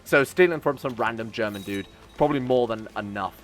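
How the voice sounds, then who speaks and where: A man's voice: mid-range voice, fairly quick, faint music behind. Sarcastic man narrating a strategy game. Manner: sarcastic, swearing, reads event text aloud. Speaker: let's-play host.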